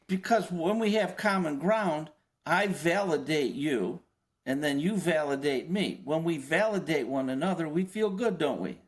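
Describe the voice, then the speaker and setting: A fairly high-voiced older man talks through his points in a relaxed interview. He keeps asking his listener rhetorical questions and often trips into restarts before pressing on. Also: a little slow. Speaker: interview guest, former FBI agent. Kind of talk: conversational explanation.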